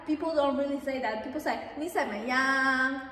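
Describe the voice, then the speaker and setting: A woman's voice: high-pitched, normal speed, bright, forceful tone. A woman from Argentina, a guest chatting casually, often giggling and slipping between languages. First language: Spanish. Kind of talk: casual interview chat. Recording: echoey room with long reverb.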